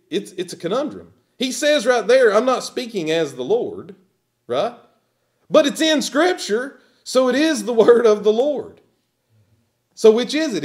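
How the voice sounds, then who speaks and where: A man preaches a sermon in a church sanctuary. His voice sits a little high and moves through a very animated range. He pushes out sudden bursts of volume for emphasis. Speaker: pastor.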